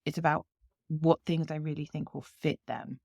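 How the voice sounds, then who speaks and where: A woman's voice: low-pitched, flat delivery, normal speed, darkish tone, no echo. A woman with a British accent, a company head being interviewed, explaining her approach in long examples and acting out client conversations. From Britain. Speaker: CEO guest.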